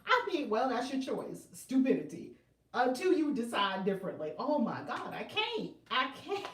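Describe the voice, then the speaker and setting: A woman with a fairly high, very lively voice talks to her viewers in a relaxed, chatty way and keeps breaking into big laughs and exclamations. She is recorded in an echoey room at home, set back from the microphone. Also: normal speed, far from the mic. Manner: animated, laughing loudly, exclaiming often. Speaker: tarot video host. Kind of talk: casual chat to viewers.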